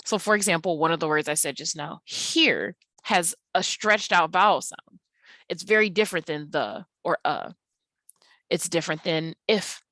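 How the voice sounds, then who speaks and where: A woman's voice: fairly low pitch, a little fast, bright, forceful tone, dry recording. A woman teacher talking through lecture slides, explaining patiently with frequent ums and uhs. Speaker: English teacher.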